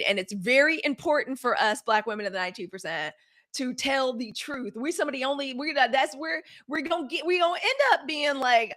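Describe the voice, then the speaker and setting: A woman hosting a live news stream, talking straight to her viewers in a sassy, animated way. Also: on the high side. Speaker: host of a daily live news show. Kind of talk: casual live-stream commentary.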